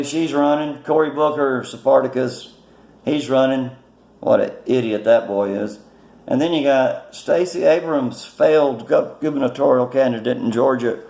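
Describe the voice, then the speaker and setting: A man's voice: mid-range voice, creaky, mellow, echoey room. A man giving blunt, mocking political commentary in a casual, rambling way, full of fillers, recorded on a phone. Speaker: political vlogger.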